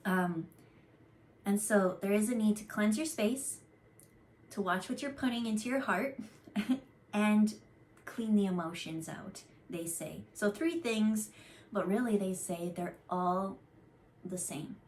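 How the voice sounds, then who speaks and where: A woman's voice: medium pitch, takes it slowly, long pauses, a little mellow. A woman giving a casual channeled card reading, chatty and earnest, rambling with fillers and restarts. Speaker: intuitive card reader.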